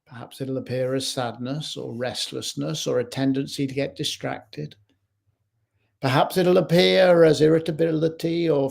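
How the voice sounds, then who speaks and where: A man speaking as a life coach in a slow, measured reflective talk, recorded in his home kitchen. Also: on the high side, gravelly, darkish tone.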